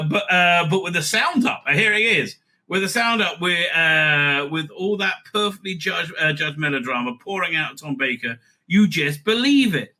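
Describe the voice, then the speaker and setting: A man hosting a review show, giving opinionated commentary full of fillers, restarts and sarcastic asides. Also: a little high. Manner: animated, many fillers and restarts.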